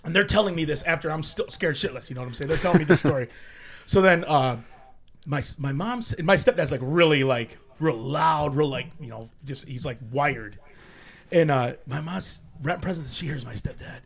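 A man telling a ghost story casually, animated and profane, often laughing. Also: a little high, moderate pace, creaky, slightly rough. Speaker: storyteller guest.

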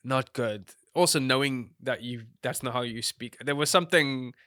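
A man co-hosting a casual film podcast, hesitant with many fillers, his voice jumping high when he is amused. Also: normal speed, pushed and bright, smooth, no echo, studio quality. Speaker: podcast co-host.

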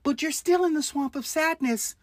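A man's voice: very high voice, normal speed, no echo, clean studio sound. A man co-hosting a movie podcast, chatting casually and cracking jokes. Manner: animated and joking, laughs often. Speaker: podcast co-host and father. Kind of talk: casual movie-review chat.

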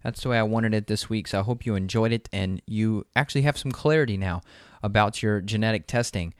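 A man's voice: fairly low pitch, fairly quick, smooth, no echo, studio quality. A man co-hosting a health podcast, chatting casually and sharing personal anecdotes. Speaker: podcast co-host.

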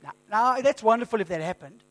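Male pastor, fairly high voice, casual storytelling sermon. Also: a little fast. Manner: conversational storytelling, animated quoting.

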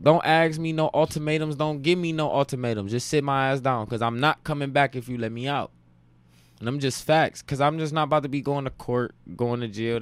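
A man in his late twenties from Cleveland tells long, profane anecdotes with an easy, animated swing. His voice sits at a middling pitch, recorded dry and close. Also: smooth, no echo. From Cleveland, Ohio. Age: late 20s. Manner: profane, animated anecdote-telling with frequent laughs. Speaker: podcast guest, musician. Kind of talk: casual storytelling chat.

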